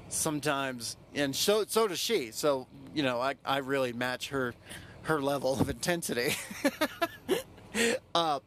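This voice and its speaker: A man's voice: mid-range voice, fairly bright tone, a little hiss or hum. A young man, a podcast host, telling a personal story casually, loose and profane, with lots of "you know" fillers.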